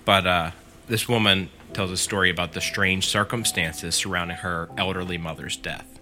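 Man, low pitch, bright forceful tone, casual story retelling, lots of "like", faint music behind. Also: steady tone, moderate pace. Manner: filler-heavy, lots of "like", quotes the storyteller. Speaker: podcast host retelling a scary story.

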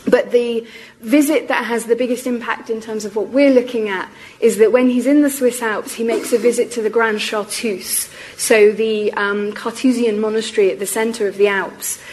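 A woman giving a public lecture on history. Her voice is going hoarse, and she explains things in a measured way with frequent ums. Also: fairly high pitch, fairly even intonation, a little mellow, slight background noise, low-quality recording. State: losing her voice.

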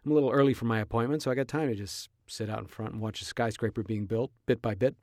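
A middle-aged podcast host from Southern California rambles through a story in a loose, chatty monologue. His voice sits in an ordinary middle pitch. It is recorded close and dry, with no room sound. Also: steady tone, fast talker, darkish tone, no echo. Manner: rambling, with restarts and laughs.

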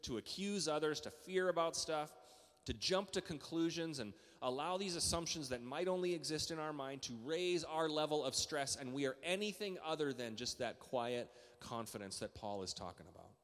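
A man from Canada preaching a sermon as pastor, telling stories with animated rises in pitch and loudness. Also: normal speed. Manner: storytelling, animated, rising loud in stories. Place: church sanctuary. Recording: long hall reverb.

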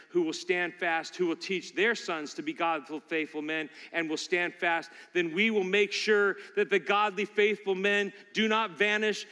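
A man preaching a sermon, emphatic and swinging from loud declarations to hushed appeals. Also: high-pitched, in a large hall.

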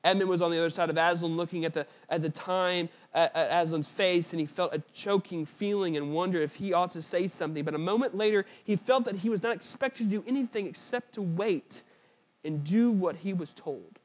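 A male preacher with a fairly high voice gives an earnest, emphatic sermon. He presses his points in short repeated phrases and sometimes trips and restarts mid-word. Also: a little fast. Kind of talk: sermon with a read-aloud story passage.

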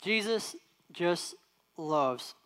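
A preacher delivering a sermon, repeating key lines and slowing down on emphatic words. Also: medium pitch, expressive, a bit bright. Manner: repeats key phrases for emphasis and acts out quoted voices.

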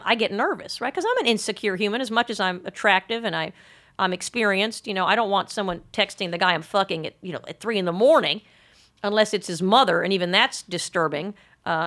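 A woman's voice: medium pitch, fairly bright tone. A woman delivering a rambling comic monologue in a mock-earnest, frank and crude way.

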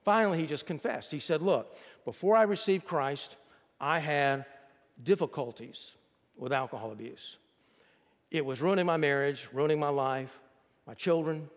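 In a church sanctuary with a big-room sound, a pastor with a fairly high voice delivers his sermon. He reads passages of scripture aloud and has the congregation echo words back to him in call-and-response.

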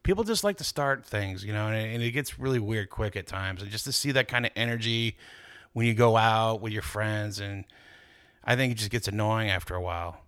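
A man's voice: fairly low pitch, a little fast, a bit bright, clear, resonant tone. A man chatting casually, making laid-back, dry remarks. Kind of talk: casual chat.

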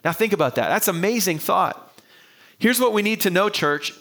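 A man's voice: sits high, expressive, normal speed, a bit bright. A male pastor preaching a sermon to an online congregation, earnest and repeating key phrases for emphasis.

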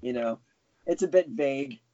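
A man's voice: medium pitch, moderate pace, warm tone, no echo. A man being interviewed, chatting casually with lots of restarts. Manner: rambling, self-correcting, chuckling. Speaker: guest animator. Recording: dull lo-fi sound.

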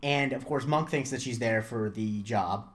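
A young man co-hosting a podcast in casual chat. He rambles, restarts his sentences and gets animated when a story takes off. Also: mid-range voice, normal speed. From Florida. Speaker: podcast co-host.

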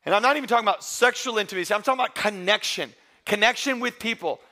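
A male pastor delivers a sermon to his congregation in a church service. His voice sits high for a man and sounds bright and forward. He preaches earnestly and conversationally, often restarting and repeating words as he goes. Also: quick pace.

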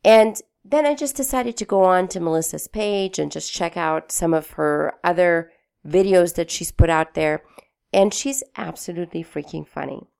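A woman's voice: lowish voice, moderate pace, gravelly, darkish tone, clear, resonant tone. A woman from Afghanistan hosting a podcast, introducing the episode in a chatty, enthusiastic, folksy way. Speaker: podcast host.

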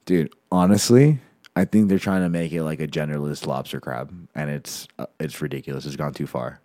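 A man chatting casually on a video call, laid-back and trailing off quietly at the ends of sentences. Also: a bass voice, fairly quick, dry recording. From Hispanic family, US. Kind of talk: casual chat.

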